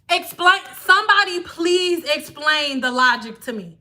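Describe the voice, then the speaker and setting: A woman's voice: high-pitched, expressive, measured pace, hardly any pauses, bright, forceful tone. A young woman hair stylist ranting on a live stream, blunt, sarcastic and profane. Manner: mocking impressions of viewers.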